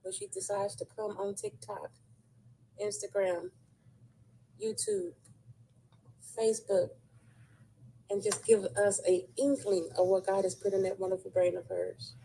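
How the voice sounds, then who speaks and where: A woman calling into a live stream, fervent and preachy, building into loud run-on lists. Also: mid-range voice, vocal fry, slight background noise, rough recording. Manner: fervent, rising into loud rants. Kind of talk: impassioned live-call testimony.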